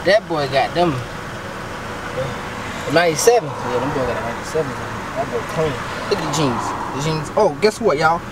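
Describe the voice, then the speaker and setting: A man's voice: fairly high pitch, expressive, normal speed, very noisy. A man hosting a casual vlog from his car, talking in a slangy, laid-back way straight to his viewers. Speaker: vlogger host.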